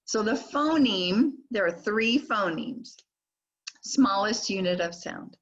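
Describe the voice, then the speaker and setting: Older woman teaching, sounds out slowly. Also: mid-range voice, animated, dull audio. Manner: slow, deliberate modeling of speech sounds. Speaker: literacy trainer. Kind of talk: recorded teacher training lecture.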